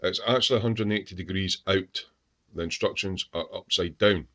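A man's voice: low voice, a little fast, a bit bright. A man with lots of ums and restarts, showing his model truck build in a casual workshop video. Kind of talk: casual workshop show-and-tell.

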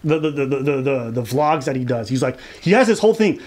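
A man's voice: a little high, quick pace, few pauses, a little mellow. A man hosting a casual reaction commentary, blunt, crude and mocking, laughing often as he talks. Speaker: reaction channel host.

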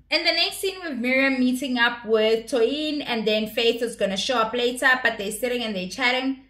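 A blunt, opinionated woman with a fairly high voice, cursing freely as she gives casual commentary. The sound bounces around an echoey room. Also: lively intonation, moderate pace, a bit bright. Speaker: reality TV recap commentator.

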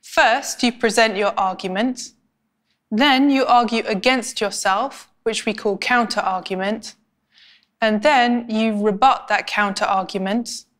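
A woman teaching academic writing in a clear, measured, scripted explainer style. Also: a little high, a bit bright. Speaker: language instructor.

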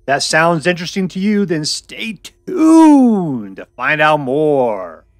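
A man's voice: a little high, wildly swooping pitch, slow pace, dry recording, clean studio sound. A man hosting a card game video with goofy, jokey commentary, hyping up his deck. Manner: goofy, jokey, hype-y, puts on silly voices. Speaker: host of a card game channel. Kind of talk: playful gameplay commentary.

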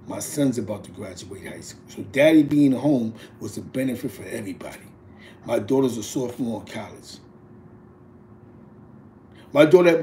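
Brief: forties man spinning a life story, streetwise talk, swinging up and down in pitch. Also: a little hiss or hum. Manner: animated, streetwise slang, frequent asides. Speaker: storyteller, father. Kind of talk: casual storytelling to camera.

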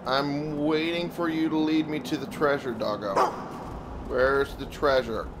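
A man's voice: on the high side, steady tone, unhurried. A man giving casual, grumbling gameplay commentary, sleepy and yawning now and then, swearing at the game. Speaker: let's play gamer. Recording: clear background noise.

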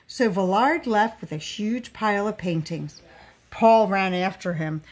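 A woman reading a children's picture book aloud, with expressive storytelling delivery. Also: medium pitch, a little slow.

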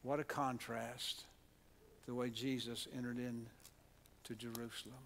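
Slow, creaky, and flat, this medium-pitched male voice belongs to a pastor with a Southern US Oklahoma accent preaching in a church sanctuary, with slight background noise. His earnest sermon is full of restarts and repeated words as he leads the congregation in call-and-response.

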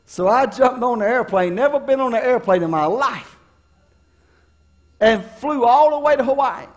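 High-voiced pastor telling stories. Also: male voice, animated, moderate pace. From North Carolina, US. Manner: folksy, humorous storyteller with dramatic swings in delivery. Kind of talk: storytelling sermon.

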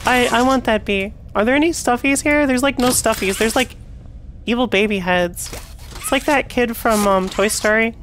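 A woman's voice: a little high, moderate pace, a little hiss or hum. Chatty young woman streaming a game. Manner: chatty, swears and yells when frustrated. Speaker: VTuber streamer. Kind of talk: casual gameplay commentary.

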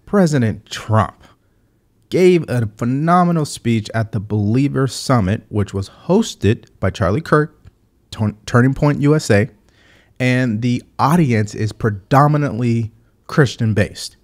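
A man's voice: mid-range voice, measured pace. A man hosting a political commentary channel, speaking emphatically and addressing the viewer directly.

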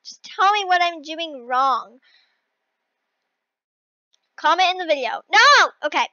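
A young girl talking through an obstacle-course game she is playing, excitable, often shrieking when she fails and pleading with her viewers for help. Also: sits high, unhurried, no room sound, highs cut off. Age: child. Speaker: gaming video creator. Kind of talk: casual gameplay commentary.

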